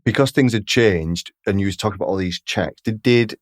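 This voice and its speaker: Low-voiced British podcast host. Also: male voice, fairly quick, no room sound, clean studio sound. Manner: short prompts and follow-up questions. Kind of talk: interviewer.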